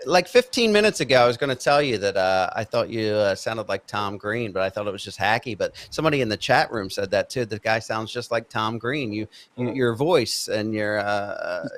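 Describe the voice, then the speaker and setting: A man co-hosting a podcast, speaking haltingly and trailing off with fillers. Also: fairly low pitch, animated, fairly bright tone. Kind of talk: podcast chat.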